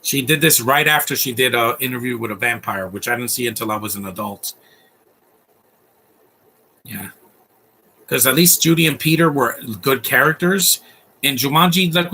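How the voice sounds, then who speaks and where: A man in his thirties with a medium-pitched, sharp voice gives casual live commentary on a film. He's chatty and opinionated, laughs often, and uses lots of fillers.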